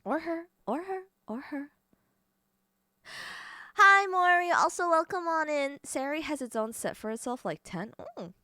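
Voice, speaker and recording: A woman's voice: high voice, lively intonation, sharp tone, no room sound, studio quality. A young woman livestreaming in casual chat, rambling, swearing and stumbling over her words. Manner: rambling, swearing, quick self-corrections.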